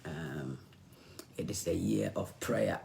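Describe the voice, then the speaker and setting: Low-voiced hoarse man, measured and gravelly; a live motivational talk delivered in a worn, half-whispered voice. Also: a little mellow, slight background noise. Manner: slow and reflective, often drops to a near-whisper. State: hoarse, losing his voice. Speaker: online motivational speaker.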